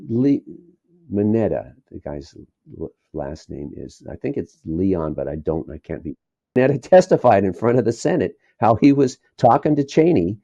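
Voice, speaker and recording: A man with a low, mellow voice is interviewed as a documentary filmmaker, talking casually in a rambling, digressive way and chuckling between thoughts. The recording is dry, dull and lo-fi, with no echo.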